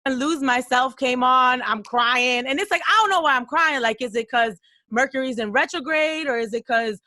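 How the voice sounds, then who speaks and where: Bright-voiced woman radio host. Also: high-pitched, moderate pace, no room sound. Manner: expressive, warmly responsive, laughs easily. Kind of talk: casual interview.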